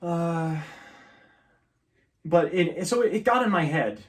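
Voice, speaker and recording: A man's voice: fairly high pitch, lively intonation, slow pace. A young man answering interview questions casually, with many fillers, restarts and easy laughs. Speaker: guest, student performer.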